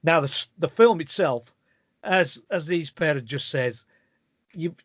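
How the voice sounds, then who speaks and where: A man with a slightly high voice tells a story in a casual podcast. He rambles and restarts his sentences, and the recording is dry and close. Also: expressive, takes it slowly, no room sound. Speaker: podcast co-host. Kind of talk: casual chat.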